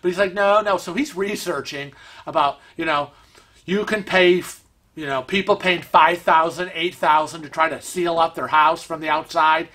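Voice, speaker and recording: Man, high bright voice, excitable, casual vlog storytelling. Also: normal speed. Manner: animated, excitable storytelling with laughs and acted-out quotes. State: vision impaired, uses a cane. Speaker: vlog host.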